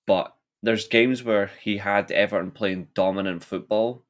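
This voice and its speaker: Blunt, low-voiced man. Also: fairly even intonation, unhurried. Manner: blunt, heated opinions. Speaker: podcast co-host. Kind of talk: casual football chat.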